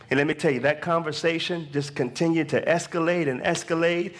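Guy in his 30s preaching, pretty high voice, goes from quiet storytelling to shouting it out. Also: steady tone, brisk, few pauses. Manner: call-and-response preaching, swinging from hushed storytelling to raised exhortation. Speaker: pastor. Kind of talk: sermon.

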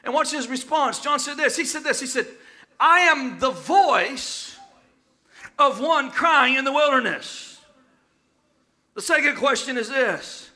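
A man preaching a sermon in call-and-response style, often shouting and chanting his lines. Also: extremely high pitch, animated, a little slow, long pauses.

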